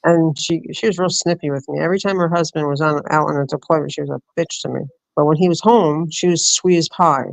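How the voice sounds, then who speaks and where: A woman from New Jersey hosting a casual late-night chat over an online call, telling stories in quick animated bursts. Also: low voice, vocal fry, no echo, poor audio. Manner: animated storyteller, rapid bursts. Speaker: host.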